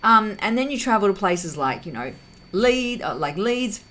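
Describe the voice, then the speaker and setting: A woman hosting her own vlog, talking through her thoughts in a rambling, casual way, often correcting herself and filling pauses. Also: mid-range voice, big pitch swings, bright, forceful tone, low-quality recording. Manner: rambling, self-correcting, heavy use of fillers. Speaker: vlog host. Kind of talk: casual reflective monologue.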